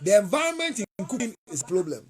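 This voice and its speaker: A man's voice: high voice, huge pitch swings, fast. A man with a Ghanaian accent hosting an advice show as a relationship counselor, emphatic and repetitive as he lectures. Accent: Ghanaian English.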